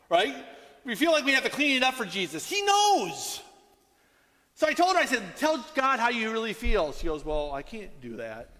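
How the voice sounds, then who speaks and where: A pastor giving a sermon, telling stories animatedly and acting out the people in them. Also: male voice, sits high, big-room sound. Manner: animated storytelling, acting out quotes in raised voice.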